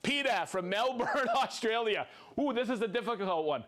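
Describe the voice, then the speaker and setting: A man's voice: extremely high pitch, lively intonation, fairly bright tone. A man hosting a live stream, reading out viewers' names and hometowns in an upbeat, playful way. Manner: upbeat, playful, reads names and places quickly. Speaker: host.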